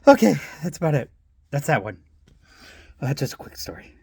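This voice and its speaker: A man casually telling a family story, halting with fillers and restarts and laughing often. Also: a little high, big pitch swings, vocal fry, a little mellow, husky, dry recording.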